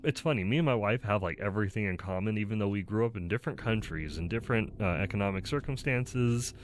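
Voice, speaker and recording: Man, low-pitched, casual vlogger, blunt and rambling, chuckles a lot. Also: lively intonation, quick pace, a little hiss or hum. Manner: candid, rambling, laughs often at himself. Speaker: YouTuber taking an online personality test. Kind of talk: casual self-recorded talk, reading questions aloud and answering.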